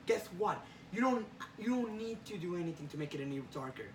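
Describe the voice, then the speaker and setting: Brief: man reading a blunt, bitter middle-aged newspaper chief, accusing tone, slightly high voice, echoey room, mic far off. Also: animated, fairly quick, a little hiss or hum. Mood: scornful. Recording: roomy sound, far from mic.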